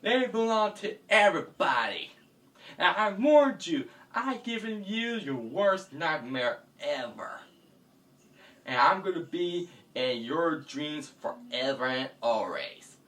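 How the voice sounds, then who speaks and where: Heroic storybook girl, firm and kind, played by a man; slow delivery, distant noisy recording. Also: a little high, big pitch swings, fairly bright tone, full character voice. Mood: stern. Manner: stern, warning. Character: brave superhero girl, stern and kind. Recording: distant mic with background noise.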